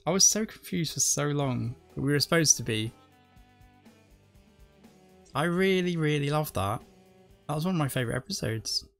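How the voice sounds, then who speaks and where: A man's voice: fairly high pitch, fairly bright tone. A man, the host of a reaction video, rambling chattily and laughing often. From not from the US. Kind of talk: casual chat.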